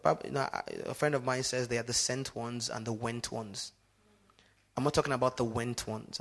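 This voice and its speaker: In a medium-pitched voice with vocal fry, a male pastor whose native tongue is Yoruba delivers a sermon. He alternates between booming exclamations and hushed asides, constantly calling on the congregation for a response.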